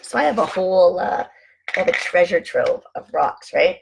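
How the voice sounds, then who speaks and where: A woman hosting a casual motivational vlog from home, chatty and animated as she tells anecdotes. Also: fairly low pitch, moderate pace, creaky, background noise. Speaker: online show host.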